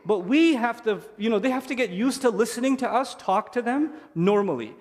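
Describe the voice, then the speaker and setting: A man giving a lecture to parents, telling stories in a lively way and acting out a small child's voice. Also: extremely high pitch, brisk. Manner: lively storytelling, acts out a child's voice. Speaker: Islamic speaker. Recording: long hall reverb.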